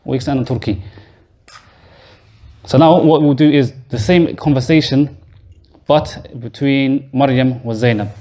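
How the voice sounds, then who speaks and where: A man teaches a beginners' class in a mosque classroom, his voice sitting at an everyday middle pitch. He explains each point step by step and keeps stopping to quiz his students. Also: a little mellow. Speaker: Arabic teacher. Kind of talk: classroom lesson.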